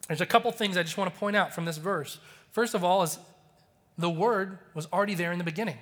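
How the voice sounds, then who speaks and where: A man's voice: high-pitched, fast, fairly bright tone. A man in his thirties, a pastor giving a conversational, storytelling sermon that acts out the quotes. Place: church auditorium.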